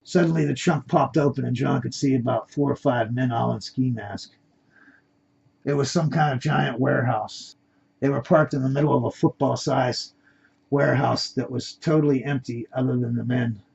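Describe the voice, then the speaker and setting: Amateur male reader narrating his own story; plain delivery, stumbling restarts, husky voice, dull lo-fi sound. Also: medium pitch, fairly even intonation, moderate pace, darkish tone.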